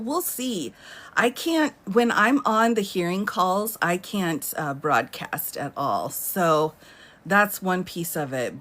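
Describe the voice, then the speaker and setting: A woman's voice: on the low side, sharp tone. A woman in her thirties hosting a casual live stream from home, chatting and laughing often as she answers viewer comments. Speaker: livestream host.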